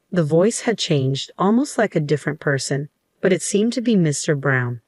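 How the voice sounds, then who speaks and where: Woman, deep low voice, story narration, steady pace, dry booth sound. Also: normal speed, no room sound.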